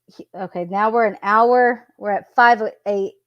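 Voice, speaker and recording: A woman talks slowly through a set of text messages, pausing to comment between them. Her voice sits at a middling pitch, and she reads each quoted line in a plain tone without acting it out. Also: steady tone, lo-fi sound. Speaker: true crime commentator. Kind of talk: reading messages aloud with commentary.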